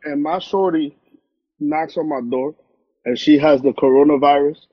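The recording is dry and lo-fi, capturing a young adult podcast co-host whose voice sits on the high side, steady in tone and normal in speed, with a breathy edge. Chatting casually over Instagram live on a phone, he's brash, swears a lot and speaks emphatically.

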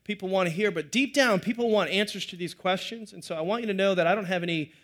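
A man's voice: high-pitched, quick pace, a bit bright. A middle-aged man, preaching a sermon to a live congregation in a conversational way with joking asides. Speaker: pastor.

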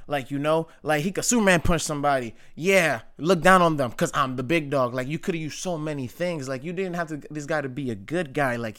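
A wrestling commentary host chats casually on his own show, his voice a little high and fairly bright. He's opinionated, heavy on "like," slang and swearing.

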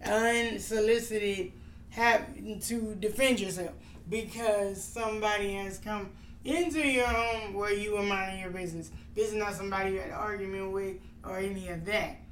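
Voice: mid-range voice, steady tone, normal speed, a bit bright. A person talking firmly in a casual chat, laying out points in detail and agreeing often. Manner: firm, explanatory, agreeing often. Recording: roomy echo, faint background noise.

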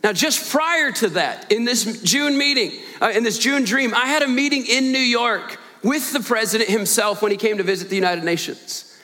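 A man as guest preacher giving an earnest, animated storytelling sermon in a church, with joking asides to the congregation. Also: very high voice, in a large hall. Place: church sanctuary.

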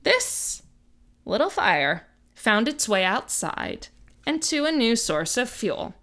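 Bright, lively woman podcast host. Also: on the high side, takes it slowly. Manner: conversational, acts out quotes with lively asides. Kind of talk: casual podcast storytelling.

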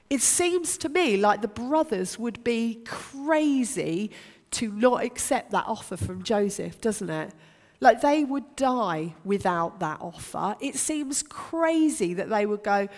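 A woman's voice: on the high side, darkish tone. A woman preaching a sermon, earnest and emphatic, building to rhetorical questions. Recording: long hall reverb.

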